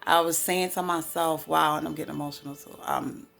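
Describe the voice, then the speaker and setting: A woman from the New York City area sharing a dream in a halting, emotional testimony full of fillers. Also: low voice, steady tone, gravelly, a bit bright. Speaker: Christian speaker sharing a dream. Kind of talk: casual testimony.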